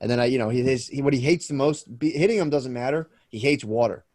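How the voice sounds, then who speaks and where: A man's voice: medium pitch, quick pace, a little mellow, dry recording, studio quality. A man co-hosting a podcast, telling rambling, profane stories in casual chat with lots of restarts. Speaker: podcast co-host.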